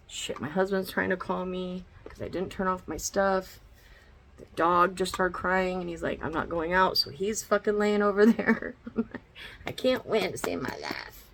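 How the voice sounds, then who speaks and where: A woman's voice: on the low side, lively intonation, moderate pace, gravelly, fairly bright tone, slight background noise, low-quality recording. A woman chatting bluntly in a casual makeup vlog at home, swearing freely as she talks through each step. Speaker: beauty vlogger. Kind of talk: casual get-ready-with-me chat. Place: her bedroom at home.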